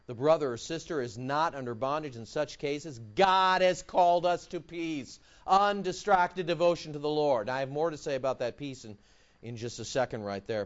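A male pastor preaching a sermon, acting out quotes and swinging from quiet asides to loud, high bursts. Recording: dull lo-fi recording.

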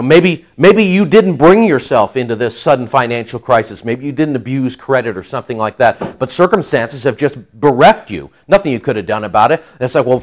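A middle-aged man preaching a conversational, emphatic sermon with frequent asides to the congregation. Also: medium pitch. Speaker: pastor.

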